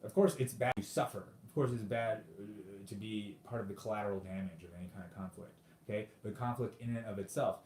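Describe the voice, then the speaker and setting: A man's voice: lowish voice, fairly quick, hardly any pauses, darkish tone, a little hiss or hum. Rambling profane man in an echoey room. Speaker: podcast host. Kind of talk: casual solo podcast monologue. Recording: roomy echoey home recording.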